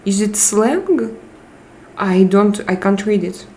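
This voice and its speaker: A woman's voice: medium pitch, animated, slow pace, darkish tone, slight background noise. A woman hosting a live chat, reading viewer messages and teasing them in a playful, giggly way.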